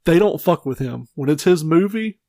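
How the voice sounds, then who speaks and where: A man with a fairly high voice chatting on a podcast, swearing freely and telling stories with lively energy. He breaks into loud impressions as he goes. The sound is close and dry, with no room around it. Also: moderate pace, dry recording. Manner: profane, animated storytelling with shouted impressions. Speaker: podcast co-host. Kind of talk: casual chat.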